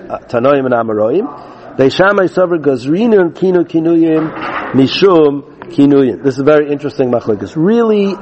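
A man's voice: a little high, dark tone, lo-fi sound. A man teaching a Talmud class, reading out Aramaic lines and then explaining them in English.

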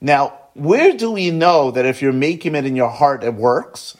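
A man teaching a Talmud lesson, slowly chanting Aramaic phrases and then explaining them quickly in English, checking in with "right?" and "okay?". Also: medium pitch, animated. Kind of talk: Talmud study lecture.

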